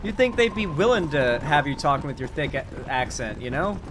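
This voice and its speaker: Casual gamer-commentator, Floridian man, slightly high pitch, loose and sweary, faint noise behind. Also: sing-song, brisk. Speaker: streamer and political commentator. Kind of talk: casual commentary while gaming.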